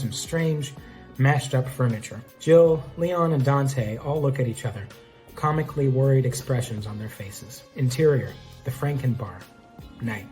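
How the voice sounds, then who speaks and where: A man's voice: mid-range voice, darkish tone. Man casually reading his own script. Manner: casual, self-aware narration. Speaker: script reader.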